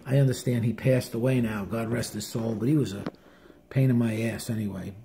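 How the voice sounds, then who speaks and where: A man's voice: medium pitch, fairly even intonation, fairly quick, gravelly, warm tone, a little hiss or hum. An older man with a New Jersey accent, a barber and author, telling stories in a blunt, casual way and swearing freely. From northern New Jersey. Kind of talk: casual storytelling to camera.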